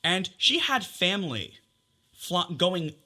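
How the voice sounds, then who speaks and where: A man's voice: sits high, very animated, slow pace, sharp tone. A young man co-hosting a podcast, telling a story in casual chat with laughter and swearing. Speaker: podcast co-host.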